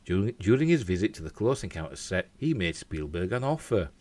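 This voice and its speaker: A man's voice: low-pitched, sing-song, brisk, a little mellow, no room sound. A man with a Yorkshire accent hosting an entertainment news show, reading the story with jokey asides. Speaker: host.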